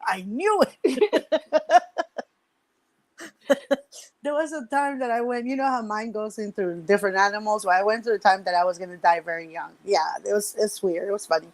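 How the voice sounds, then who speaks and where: Middle-aged woman guest, animated storyteller, laughs a lot, acts out what people said. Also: mid-range voice, normal speed, long pauses. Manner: lively storyteller, acts out quotes, laughs often. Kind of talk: casual podcast chat.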